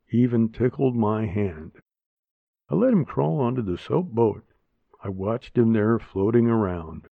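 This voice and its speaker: A man narrating a story aloud in a slow, plain manner. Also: lowish voice, lively intonation, gravelly, no echo. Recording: dry, tinny phone-like sound.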